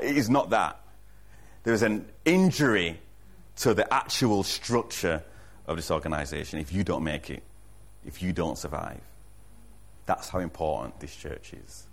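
A man preaching a sermon as pastor, earnest and emphatic, repeating his key lines and often restarting a phrase mid-thought. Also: lowish voice. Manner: frequent restarts and self-corrections. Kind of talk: sermon to a congregation.

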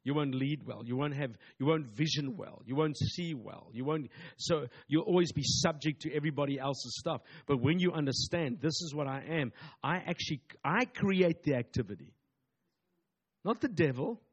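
A man's voice: on the high side, moderate pace, husky, highs cut off. A man, a pastor preaching a sermon emphatically, with repetitive phrasing and call-and-response asides.

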